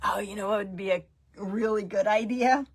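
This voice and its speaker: A woman's voice: medium pitch, fairly even intonation, moderate pace, breathy edge. A woman in her fifties, a grandmother, chatting and rambling through a DIY craft tutorial and laughing often as she tells family stories.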